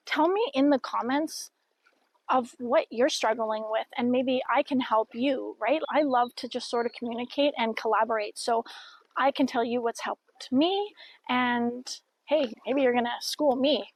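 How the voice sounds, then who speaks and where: A woman's voice: fairly high pitch, poor audio. A middle-aged woman vlogging outdoors by a river, chatty and encouraging as she talks to camera. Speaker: vlogger and podcaster. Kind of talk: casual talk to camera.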